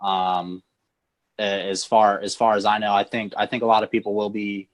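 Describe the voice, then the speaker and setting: Casual guest on a video call, lowish male voice, dry close sound, hesitant and repetitive. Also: flat delivery, normal speed, dry recording. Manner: hesitant, repeats words while explaining. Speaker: phone screen refurbisher guest. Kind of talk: casual live-stream chat.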